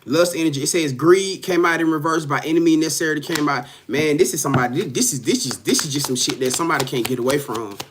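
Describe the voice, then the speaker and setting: Fairly high-pitched and quick, with few pauses and noise behind him, this tarot reader streams live. He speaks casually and directly to viewers, swearing with emphasis, repeating himself and laughing frequently.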